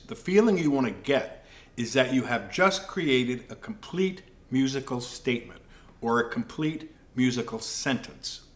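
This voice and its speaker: A man teaching jazz piano improvisation, explaining in a calm, measured way. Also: mid-range voice. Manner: calm, measured explaining with scat syllables and counting. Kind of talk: music lesson explanation.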